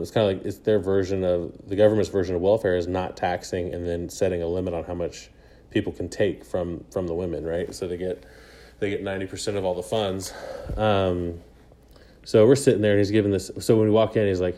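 A man's voice: sits low, level tone, a little fast, mellow. A young man casually telling a travel story on a podcast, rambling with lots of fillers and frequent laughs. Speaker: podcast co-host.

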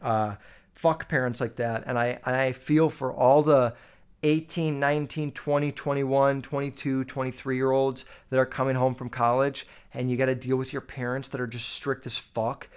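A man's voice: mid-range voice, flat delivery, moderate pace, smooth. A man in his twenties hosting a solo podcast, ranting bluntly with heavy swearing and lots of fillers. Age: 20s. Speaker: podcast host. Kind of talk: casual solo podcast rant.

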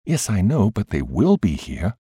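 A man's voice: lowish voice, wildly swooping pitch, moderate pace, warm tone, slightly rough, dry recording, voice pushed up, exaggerated voice. Frail, earnest sick woman, read by a man, raised yearning voice, dry sound. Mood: pleading.

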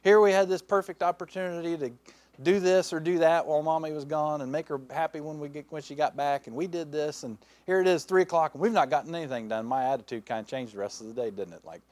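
Man preaching, folksy and lively, fairly high voice, dry sound. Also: brisk, no echo. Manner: folksy and lively, with playful asides to the congregation. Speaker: pastor. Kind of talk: sermon. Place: church sanctuary.

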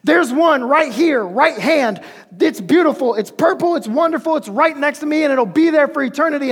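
A man's voice: very high-pitched, voice pushed up. A man preaching, voicing God as a loving father who promises a throne and an eternal kingdom, in an echoey hall.

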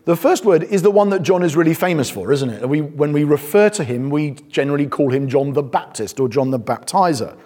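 Lively, husky British preacher in a hall. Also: male voice, a little high, fairly quick, few pauses. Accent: British English. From Britain. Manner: conversational, emphatic, self-deprecating humour. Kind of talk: sermon. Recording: long hall reverb.

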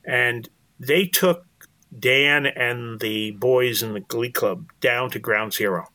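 A man's voice: mid-range voice, slow pace, pushed and bright, no room sound. An older man, telling a personal story earnestly as an interview guest, often repeating words as he goes. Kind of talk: storytelling in conversation.

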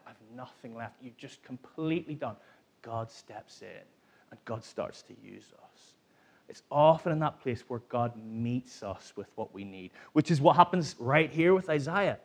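A man preaching a sermon to a congregation, talking in a lively, conversational way and putting questions to them. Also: on the high side, husky. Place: church hall.

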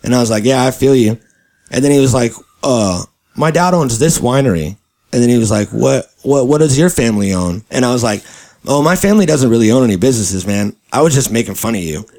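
A man's voice: mid-range voice, expressive, brisk, darkish tone. A young man hosting a casual chat show, telling an anecdote in a laid-back way and mimicking the people in it. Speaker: podcast host.

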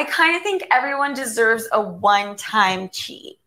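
A woman with a fairly high, bright voice answers interview questions in a frank, giggly, offhand way. She speaks casually and keeps slipping into light laughter. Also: lively intonation, moderate pace, low-quality recording. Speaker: guest in an interview clip. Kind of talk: candid interview talk.

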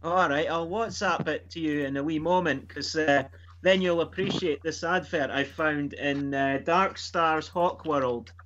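A man's voice: fairly high pitch, measured pace, a bit bright, slight background noise. A man chatting casually in a comic book group, telling stories with lots of fillers. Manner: chatty, storytelling, hesitant with fillers. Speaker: comic book club member. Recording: dull lo-fi sound.

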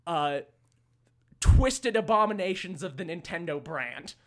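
A man's voice: a little high, expressive, a little slow. A man co-hosting a podcast in casual chat, rambling, swearing freely and laughing often. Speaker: podcast co-host.

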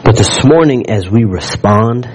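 A man's voice: lowish voice, animated, unhurried, noisy background. A man preaching a sermon in a church, reading scripture aloud and building in fervor as he speaks to the congregation. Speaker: pastor.

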